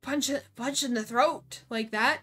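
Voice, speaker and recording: High-voiced giggly woman streamer. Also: unhurried, a bit bright, breathy edge, soft background music. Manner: giggly, self-mocking, lots of "like". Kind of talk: casual game commentary, reading game text.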